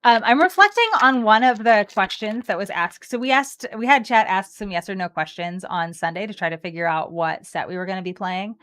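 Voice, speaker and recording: A woman's voice: mid-range voice, fairly quick, hardly any pauses, a bit bright, clear, resonant tone. A woman co-hosting a card game stream, chatting playfully and reading card text aloud. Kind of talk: casual chat opening card packs.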